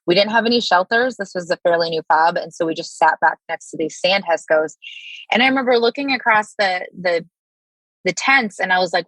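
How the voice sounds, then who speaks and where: A woman in her thirties with an American accent, a guest telling her Army stories in a candid interview, halting with many fillers and restarts. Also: medium pitch, a bit bright, dry recording, rough recording.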